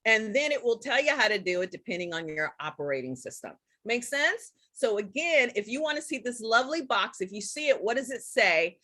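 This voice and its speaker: A woman hosting a casual live-stream tutorial, chatty and excitable, talking straight to her viewers. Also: a little high, fairly quick, few pauses, no echo. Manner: chatty and excitable, addresses viewers as guys and y'all. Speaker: live-stream host teaching Zoom tips.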